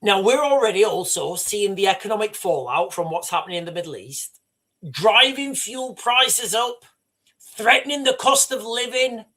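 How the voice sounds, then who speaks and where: This British livestream host addresses his viewers directly, talking emphatically and repetitively in a casual stream. He has a high voice with lively intonation and a sharp tone, speaking at normal speed in British English.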